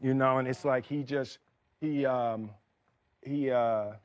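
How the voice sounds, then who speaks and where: A man in his fifties telling a story in a casual, animated way, acting out quotes and laughing. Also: mid-range voice, slow pace, highs cut off. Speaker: actor and reunion guest.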